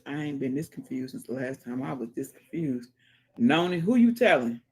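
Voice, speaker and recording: A woman's voice: a bass voice, lively intonation, normal speed, a little mellow. A woman hosting a casual livestream, reading viewer comments aloud with folksy exclamations and dropping to murmurs and whispers. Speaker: livestream host. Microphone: phone.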